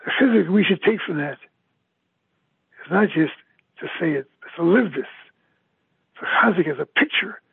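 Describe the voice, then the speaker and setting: A man's voice: sits high, lively intonation, normal speed, gravelly, pauses often, slightly rough, dry recording. An older man giving a eulogy, emotional and emphatic, repeating his words often. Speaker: eulogy speaker. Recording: tinny phone-like, dry sound.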